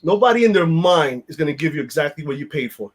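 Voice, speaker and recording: A man's voice: on the high side, animated, fast talker, slightly rough. A man, hosting a casual podcast chat in a blunt, rambling, profane way with lots of fillers. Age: 50s. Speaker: podcast host.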